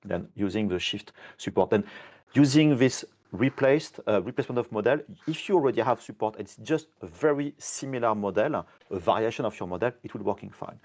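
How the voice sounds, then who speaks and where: A man who is not a native English speaker, demonstrating software on a live stream, halting, with many fillers and self-corrections. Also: fairly low pitch. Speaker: software team member demonstrating features.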